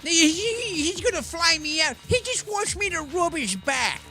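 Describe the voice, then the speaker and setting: A chatty female masseuse, as a man puts her on, gossiping on the phone in a raised, swooping sing-song. She sounds giddy and a little breathless with news, voice bouncing up high. Faint music hums behind her. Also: big pitch swings, measured pace, pushed and bright, exaggerated voice.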